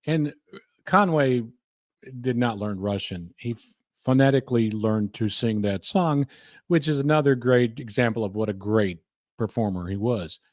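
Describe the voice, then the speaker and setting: A man in his fifties hosting a podcast, speaking close into the mic in a dry, dead room. His middle-range voice stays relaxed and chatty, with an easy enthusiasm and a readiness to laugh at himself. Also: medium pitch, a little slow, no room sound. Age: 50s. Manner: chatty, enthusiastic, self-deprecating. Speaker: podcast host. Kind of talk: casual radio-style commentary. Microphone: close microphone.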